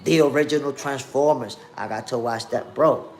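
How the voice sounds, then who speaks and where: A boxing podcast host in his fifties runs a live stream, talking in a mid-range, darkish voice at a moderate pace. He chats casually in slang, reminiscing as he reads out the chat.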